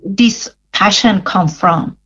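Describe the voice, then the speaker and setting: A woman interviewing a guest on community radio, calm and measured. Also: mid-range voice, breathy edge, dull audio.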